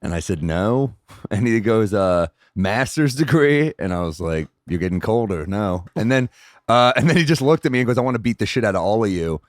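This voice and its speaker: Male comic guest, thirties, rapid dry delivery, close dry mic. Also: fairly low pitch, expressive, dry recording. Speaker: guest comedian. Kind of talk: casual chat.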